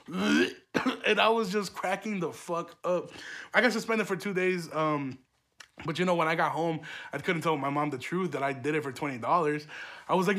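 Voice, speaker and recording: This young podcast host has a high, brisk, fairly bright voice. He tells his story casually, full of profanity and wandering asides punctuated by laughter.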